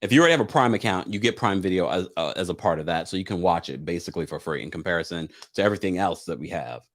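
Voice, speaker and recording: A man's voice: low voice, lively intonation, rapid-fire. A man hosting a live recap stream, chatting casually, reading viewer comments and laughing between remarks. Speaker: live recap show host.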